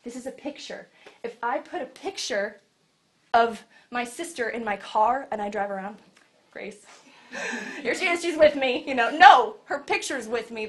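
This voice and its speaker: A woman delivers a sermon in a conversational style, slipping into quoted voices as she goes. Her voice sits slightly high for a woman, and she talks as if to a friend. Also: fairly bright tone. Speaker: preacher.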